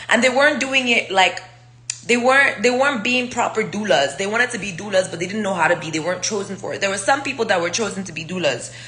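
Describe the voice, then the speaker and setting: A young woman from Israel talks through her past in a candid, rambling monologue, swearing often and stopping to search for words. Her voice is bright and sharp, and it bounces around an echoey room. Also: medium pitch. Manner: profane, rambling, candid with frequent fillers. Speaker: vlogger. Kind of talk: casual storytelling monologue.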